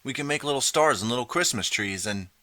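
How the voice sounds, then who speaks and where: A man's voice: medium pitch, expressive, fairly quick, bright, forceful tone, no echo, voice pushed up. A man voicing a desperate, eager boy who keeps pleading to be believed. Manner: pleading, earnest.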